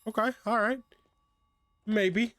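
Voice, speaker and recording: A man's voice: high voice, fairly even intonation, slow pace, fairly bright tone, no echo. Chatty male game streamer, dry mic. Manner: chatty, joking, thinking aloud. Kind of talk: casual let's-play commentary.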